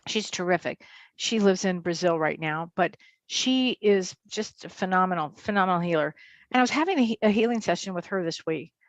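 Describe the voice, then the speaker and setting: A woman, a psychotherapist, telling a personal story in a talk-show interview, animated and acting out voices. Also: a little fast, no room sound. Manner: animated, acts out quotes in high voices. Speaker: psychotherapist and medium guest.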